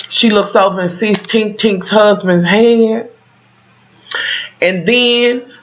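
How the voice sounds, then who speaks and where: A woman's voice: medium pitch, fairly bright tone, muffled recording. A woman recapping a TV episode for her viewers, dramatic and profane, talking straight to the camera. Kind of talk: animated casual recap.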